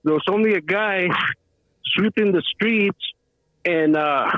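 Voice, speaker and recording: A man with a high voice calls into a show over a tinny phone line, taking his time on a dry recording. He tells a casual story in a rambling, slangy way, saying "bro" a lot.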